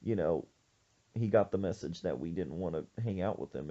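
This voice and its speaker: A man hosting a podcast, telling a story in an animated, jokey way. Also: sits low, normal speed, muffled recording. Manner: animated, jokey, acts out quoted voices. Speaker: podcast host. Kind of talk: casual storytelling chat.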